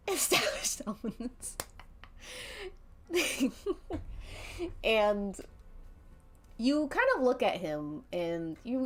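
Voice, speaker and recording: A woman's voice: medium pitch, animated, takes it slowly, pauses often. A woman narrating a tabletop game as game master on a live stream, giggling often between lines. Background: faint background music.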